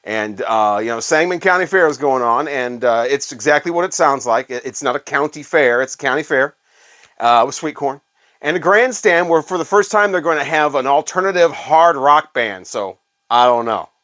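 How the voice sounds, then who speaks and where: A former radio staffer from Illinois, USA, now middle-aged and collecting records, tells rambling, filler-heavy stories for a casual vlog. He speaks at a normal pace with medium pitch, lively intonation, and a pushed, bright quality.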